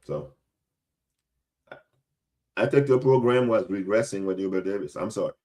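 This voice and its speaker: A man's voice: fairly low pitch, moderate pace, darkish tone. Blunt young man ranting about sports. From Florida. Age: young adult. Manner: blunt, emphatic and repetitive. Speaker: podcast host. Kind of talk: casual sports commentary.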